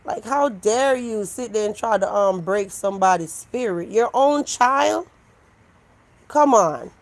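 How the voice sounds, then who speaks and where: A woman's voice: medium pitch, a little slow, low-quality recording. A woman, a live stream host from Jamaica, chatting casually with her viewers and answering their messages. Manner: animated, talks back to chat, switches into mocking voices.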